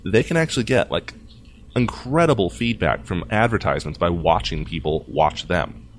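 A low-voiced man hosts a casual tech news podcast, his pitch swinging widely as he jokes and laughs his way through each story. A faint hiss sits under the recording. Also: moderate pace. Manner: jokey, animated, laughs often. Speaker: podcast host.

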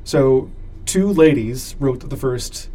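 A man's voice: mid-range voice, slow pace, dark tone, soft background music. Upbeat man hosting a casual podcast. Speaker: podcast host. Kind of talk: casual chat.

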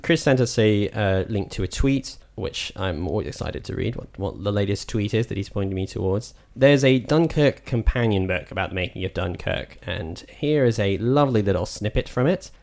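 A man's voice: lowish voice, expressive, normal speed, creaky, hardly any pauses, a little mellow. A man co-hosting a podcast, chatting casually and swearing now and then. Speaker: podcast co-host. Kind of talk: casual chat.

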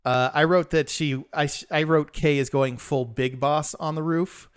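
Excited man rambling through a recap. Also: fairly high pitch, measured pace, smooth. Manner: excited, rambling, heavy on 'like' and restarts. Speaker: podcast co-host. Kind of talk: casual chat recapping an anime episode.

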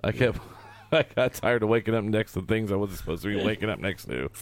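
A man's voice: fairly low pitch, lively intonation, a little fast. A man in his thirties, a podcast guest in casual chat, rambling through stories and acting out what people said. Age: 30s. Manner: rambling storyteller who acts out quotes.

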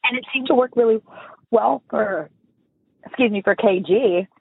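A woman chatting as an interview guest, an animated storyteller who laughs often, heard over remote call audio. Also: fairly high pitch, moderate pace, gravelly, breathy edge, no echo, phone-quality sound. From Houston, Texas. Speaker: podcast guest. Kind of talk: casual interview chat.

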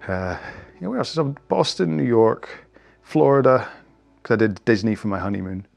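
A man's voice: medium pitch, expressive, normal speed, vocal fry, a little mellow. Rambling, chatty male fitness host. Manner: rambling, chatty and self-mocking, drifts off topic. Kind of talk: casual talk while leading stretches after a rowing workout.

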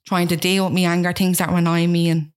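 A young Irish woman with a Dublin accent and a low-ish, flat, clean-toned voice shares her own story as a guest. She's fast, blunt and self-deprecating, dramatizing what others said.

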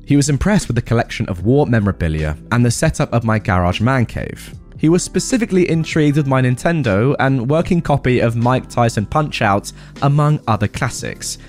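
A male storyteller narrates with sarcastic humor and comic asides. His pitch moves up and down a lot as he tells it. Soft background music sits under his voice. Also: animated, brisk.

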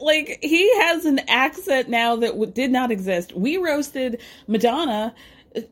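A woman hosting a casual pop-culture podcast, chatting in a gossipy way with lots of fillers and asides, and jumping her pitch up for emphasis. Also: big pitch swings, moderate pace. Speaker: podcast host.

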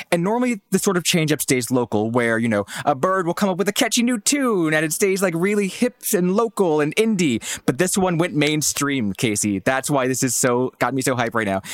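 A man's voice: a little high, no echo, studio quality. A man co-hosting a news podcast, playful and fond of puns, chatting casually with his co-host. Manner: playful, pun-loving, upbeat.

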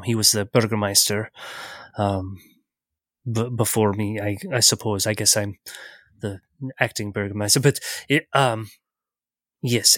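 A man voicing a nervous young male village leader who stammers and speaks formally, a bit lower than his own voice. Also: a bit bright, dry recording.

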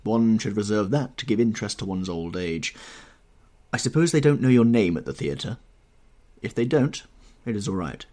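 A man's voice: on the low side, animated, moderate pace, dark tone. A man doing a cynical, urbane aristocrat. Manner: urbane, drawling and offhand. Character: worldly, cynical aristocratic English gentleman. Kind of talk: audiobook character reading.

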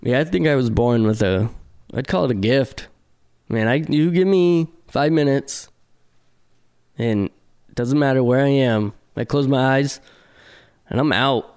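Smooth-voiced man, laid-back podcast chat. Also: mid-range voice, a little slow, darkish tone. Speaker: podcast co-host. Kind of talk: casual chat.

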